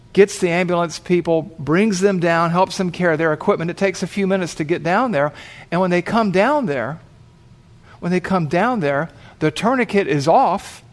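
A man pastor telling a vivid, dramatic story in his sermon. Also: sits high.

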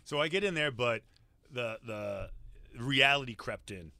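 A man from Los Angeles, a radio host in casual chat, telling stories in a lively, profane way at a studio microphone. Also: mid-range voice, measured pace, dry recording. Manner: animated, profane storytelling.

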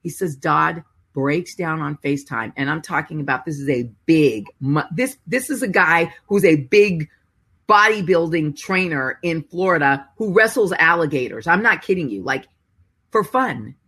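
Husky woman retelling a story. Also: sits low, moderate pace. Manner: animated storyteller quoting others. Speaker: co-host. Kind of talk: casual chat, retelling a story.

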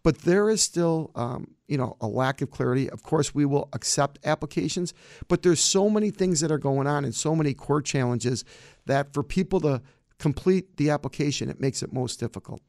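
A man's voice: fairly high pitch, moderate pace, a little mellow, dry recording, studio quality. A man, a county clerk answering campaign interview questions in an emphatic, combative way.

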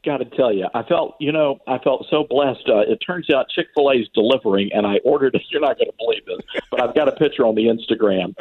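A man's voice: medium pitch, fast, hardly any pauses, breathy edge. A man from the American South, a radio commentator calling in as a guest and telling stories with sarcastic relish. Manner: animated sarcastic storytelling. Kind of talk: talk radio phone interview. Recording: tinny phone line.

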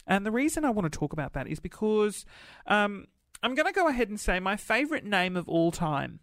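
A man's voice: high-pitched, very animated, fairly quick, a bit bright, no room sound, studio quality. A man hosting a podcast, delivering a sarcastic, playful comedic monologue. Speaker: podcast host.

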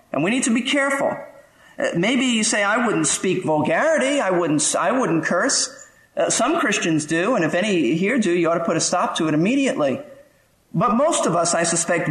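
A man's voice: sits high, a bit bright, roomy sound, low-quality recording. A man preaching an expository sermon in an earnest, conversational way, asking rhetorical questions. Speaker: pastor.

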